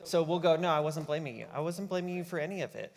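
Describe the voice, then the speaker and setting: A man with a fairly high-pitched voice talks at a church conference, relaxed and conversational. He often slips into acting out quoted inner dialogue. A long reverb from a big auditorium trails behind his words. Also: fast talker. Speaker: conference speaker. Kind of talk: conversational stage talk. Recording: long reverb of a large hall.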